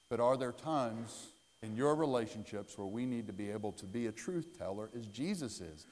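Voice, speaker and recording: Earnest preacher in a reverberant hall. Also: male voice, lowish voice, brisk, hardly any pauses. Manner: earnest, dramatic swings between loud and hushed. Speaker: pastor. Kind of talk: sermon. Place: church sanctuary. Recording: long church-hall reverb.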